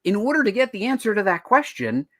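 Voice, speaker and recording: A man's voice: high voice, fast talker, dry recording, clean studio sound. A man co-hosting a show on writing comics, explaining in casual chat and acting out quoted reactions. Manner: animated, acts out quoted reactions.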